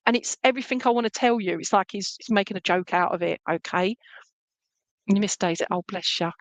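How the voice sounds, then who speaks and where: A woman's voice: medium pitch, brisk, no room sound, rough recording. A woman working as a spiritualist medium, giving a chatty clairvoyant reading in an online church service and often checking in with "okay?" and "all right?". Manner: relays a spirit's words in a lively, joking way.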